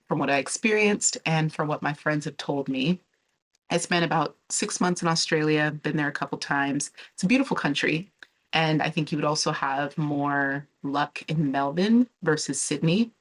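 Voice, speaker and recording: A woman's voice: low voice, moderate pace, slightly rough. A young woman vlogger talking candidly to camera in a casual, chatty way, with fillers and restarts. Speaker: travel and relocation vlogger.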